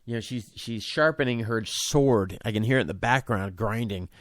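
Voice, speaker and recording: A man's voice: lowish voice, moderate pace, dry recording, clean studio sound. A man in his forties, a podcast host, telling a personal story with many restarts and fillers.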